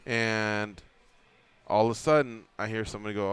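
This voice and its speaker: Smooth-voiced man telling a story. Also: fairly low pitch, normal speed, no echo. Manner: animated storyteller acting out quotes. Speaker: radio show host. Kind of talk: casual radio chat. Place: radio studio.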